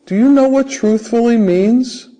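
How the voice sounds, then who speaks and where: A man's voice: very high voice, a little slow, warm tone. A man playing a formal, businesslike officer who questions an applicant in a citizenship interview. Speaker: interviewer in a practice dialogue.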